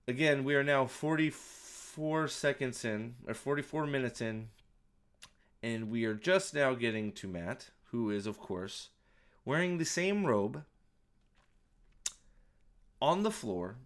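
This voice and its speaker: Speaking slowly with long pauses, a man reviewing a show delivers sarcastic, casual commentary as it plays, mocking what he sees and swearing freely. His voice is medium in pitch with lively intonation.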